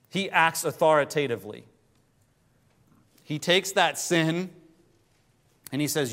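A man preaching a sermon, rising to impassioned pleas and dropping to quiet, low emphasis. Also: measured pace, pauses often. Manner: rises to impassioned pleading, then drops low. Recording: long hall reverb.

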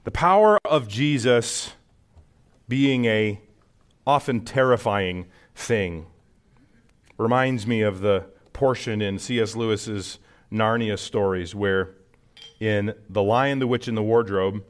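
A man's voice: on the low side, slow pace, smooth. A man preaching a sermon in an earnest teaching manner, rising sharply on emphatic points. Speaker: pastor.

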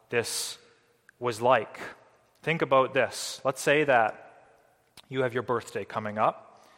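A man's voice: medium pitch, a bit bright. A man preaches an earnest sermon, explaining scripture with a voice that swells and drops for emphasis. His mid-range voice rings out with a long reverb that fills the hall around him. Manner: earnest preaching, rising and falling dynamically. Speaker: pastor.

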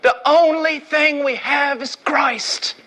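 A middle-aged man preaching an impassioned sermon, swinging from hushed, slow lines to shouted ones. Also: extremely high pitch, steady tone, a little hiss or hum.

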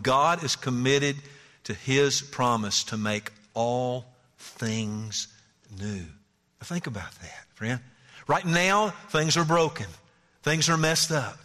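Bright-voiced emphatic preacher man. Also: medium pitch, in a large hall. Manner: emphatic, repeats words, drops to quiet asides. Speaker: pastor. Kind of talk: sermon.

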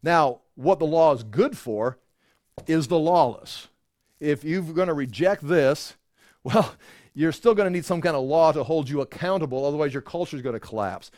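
Animated male preacher, dry close sound. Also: fairly high pitch, normal speed, no room sound. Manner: animated, mock voices for emphasis; expository, reads scripture aloud and comments. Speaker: pastor. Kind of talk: sermon.

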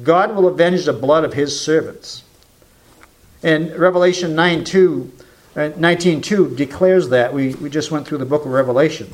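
A man's voice: on the high side, normal speed. A man preaching a sermon, emphatic, quoting scripture and asking rhetorical questions. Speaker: pastor.

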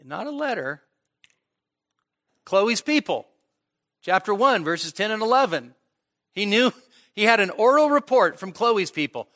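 Man, pastor, expository sermon, slow unhurried delivery, conversational, playful sarcasm. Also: sits high, big pitch swings, a bit bright. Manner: conversational, asks the audience "right?" and "okay?" often; acts out imagined dialogue with playful sarcasm.

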